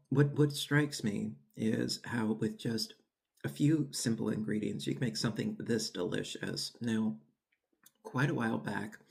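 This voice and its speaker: Savoring a bite of his own bread, this home baking host chats in a casual cooking-vlog style, wandering off with plenty of fillers and false starts. His voice sits on the low side, gravelly with a touch of mellowness.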